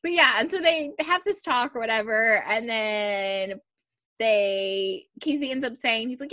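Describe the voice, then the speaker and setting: A woman's voice: fairly high pitch, expressive, a little slow, bright, forceful tone, no echo. A woman co-hosting a podcast, chatting casually and animatedly as she recaps a TV episode, with plenty of filler words. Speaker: podcast co-host.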